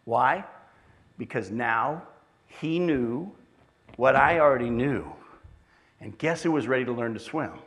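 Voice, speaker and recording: A man's voice: mid-range voice, lively intonation, measured pace, long pauses, a bit bright. A middle-aged man preaching a sermon as pastor, telling family stories with self-deprecating humor.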